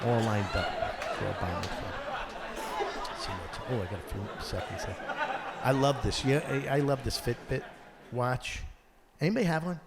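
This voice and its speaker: A man performing a stand-up comedy set on stage, telling stories in an animated way and acting out the voices of the people in them. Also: medium pitch, normal speed, pauses often, over a noisy crowd. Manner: animated storytelling, acts out voices of others. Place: theater or school auditorium, live audience. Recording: live stage recording with long hall reverb and audience noise.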